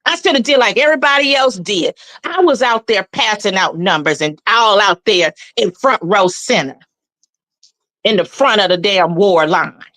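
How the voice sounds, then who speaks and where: A woman's voice: medium pitch, expressive, normal speed, a bit bright, no echo. A woman in her forties with a Southern US accent, giving blunt, profane, impassioned commentary as a guest. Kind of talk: heated casual commentary.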